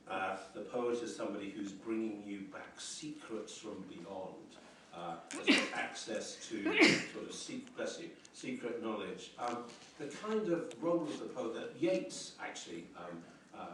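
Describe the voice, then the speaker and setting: A man's voice: fairly low pitch, slight background noise. A man giving a university lecture on poetry, reflective and hesitant, with many ums and restarts. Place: lecture room. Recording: roomy echoey lecture hall, mic at a distance.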